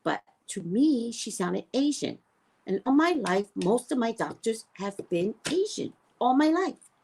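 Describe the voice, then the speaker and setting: A woman who works as a psychic, telling a story in a casual, profane way and swinging between loud and hushed. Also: on the high side, sing-song, measured pace, creaky, breathy edge.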